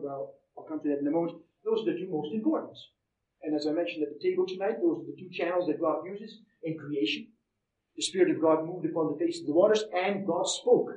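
A man preaching a sermon, emphatic, swinging between loud and quiet. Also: high-pitched. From Canada. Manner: emphatic, rising and falling in volume. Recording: roomy echo, heard from a distance.

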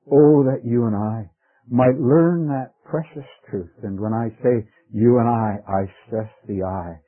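Man, preacher, sermon, husky, emphatic swells and soft asides, tinny lo-fi recording. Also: lowish voice. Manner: earnest and emphatic, swelling on key words, dropping to soft asides.

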